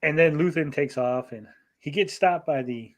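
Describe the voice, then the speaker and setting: A man co-hosting a podcast, casually recapping a TV episode in a profane, rambling way and briefly acting out the characters. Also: a little high. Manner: profane, rambling, acts out characters in quick asides. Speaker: podcast co-host.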